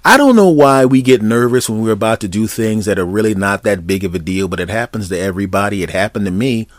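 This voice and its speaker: A man's voice: on the low side, quick pace, no room sound. A man hosting his own solo comedy podcast, rambling and joking with mock threats toward his listeners. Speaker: podcast host.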